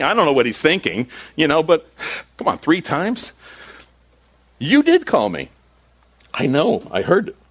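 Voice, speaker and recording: A male pastor teaching through a Bible passage in a conversational sermon, sometimes acting out the quoted speakers. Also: medium pitch.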